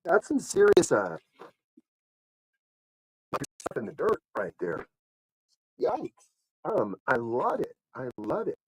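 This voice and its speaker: A man's voice: mid-range voice, takes it slowly, long pauses, husky, poor audio. A man hosting a live online show, telling a long story in a casual, rambling way and acting out the other people's lines. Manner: animated, acts out other people's lines in the stories; rambling, with frequent fillers and restarts. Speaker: livestream show host.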